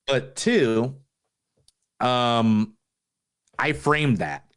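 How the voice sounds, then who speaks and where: A man's voice: mid-range voice, drawn-out words, a bit bright, clear, resonant tone. A man in his forties, a podcast co-host, telling a story in casual chat, swearing freely and throwing in sound effects.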